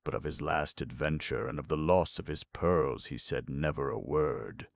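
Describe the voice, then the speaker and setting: A man reading an audiobook in steady, measured scripted narration. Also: rumbling low, creaky, no echo, studio quality.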